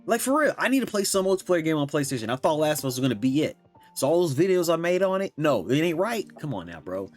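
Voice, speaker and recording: Angry ranting young man, lively high voice. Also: quick pace, soft background music. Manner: heated, loud and swearing, with slangy asides. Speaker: gaming commentator. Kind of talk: angry reaction rant.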